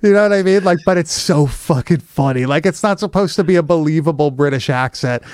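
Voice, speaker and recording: A man's voice: on the high side, fairly quick, darkish tone, clear, resonant tone, no room sound, clean studio sound. Rambling, laid-back podcast guy. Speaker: podcast co-host. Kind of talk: casual movie chat.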